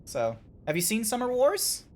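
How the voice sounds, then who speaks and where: A man's voice: extremely high pitch, slight background noise. Rambling man streaming a game. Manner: rambling, animated, quick restarts. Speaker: streamer and host. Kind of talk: casual chat while streaming a game.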